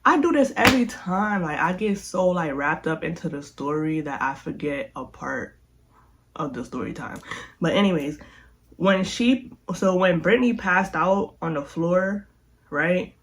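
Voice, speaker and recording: Animated young adult telling a story. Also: mid-range voice, a little slow. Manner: animated, slangy, with lots of filler sounds. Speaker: vlogger. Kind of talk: casual storytime vlog.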